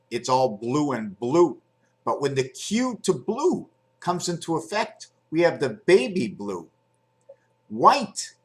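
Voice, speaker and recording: Guy rambling to his camera, mid-pitched voice, jumps around from number to number. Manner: digressive, jumps between numbers and ideas; talks while handling objects on camera. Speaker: video blogger. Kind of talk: casual rambling monologue.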